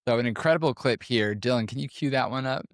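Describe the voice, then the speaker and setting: A man's voice: medium pitch, quick pace, no room sound, studio quality. A man co-hosting a podcast, steadily leading the discussion and laughing easily. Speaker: podcast co-host.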